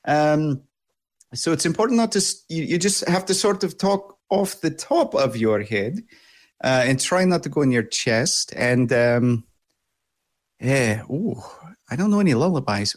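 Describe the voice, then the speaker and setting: A man, a voice actor and game master, explaining voice tricks in a relaxed interview. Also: on the high side, unhurried. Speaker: voice actor and dungeon master, guest. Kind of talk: casual interview chat.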